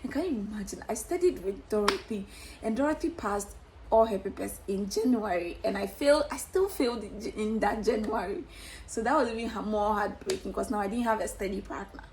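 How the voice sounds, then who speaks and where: A woman's voice: medium pitch, a little fast, a little mellow, a little hiss or hum, low-quality recording. A young woman vlogging to camera in a candid, exuberant way, laughing often and swearing casually.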